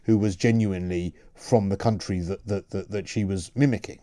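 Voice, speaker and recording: A man hosting a radio talk show, asking quick rhetorical questions and stumbling now and then as he pushes a point. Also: low-pitched, steady tone, dark tone, no room sound, clean studio sound. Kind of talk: opinion radio discussion. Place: radio studio.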